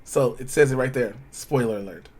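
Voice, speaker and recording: A man's voice: medium pitch, brisk, breathy edge. A man co-hosting a show, talking in a casual, jokey and profane way. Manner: loud, playful, jokey and profane. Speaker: co-host of a TV episode review show. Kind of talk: casual chat.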